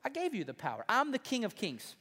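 A man voicing a calm, authoritative king in an acted quote, firm and declaring. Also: extremely high pitch, a little fast, heavily acted. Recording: long reverb in a large hall.

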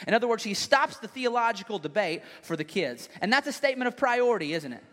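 A male pastor preaching a sermon in an animated, joking way. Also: high voice, fast, few pauses. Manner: animated, joking, acts out scenes. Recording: long hall reverb.

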